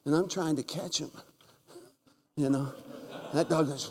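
A man preaching a humorous sermon in a church, telling jokey stories and breaking into loud shouts. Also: fairly high pitch, fairly even intonation, a little slow, a loud crowd. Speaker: guest preacher. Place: church sanctuary. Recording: large hall with long reverb.

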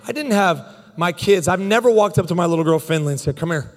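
Male pastor, 30s, animated comic storyteller in a sermon, slightly high voice, reverberant hall. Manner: animated and joking, quick bursts of speech.

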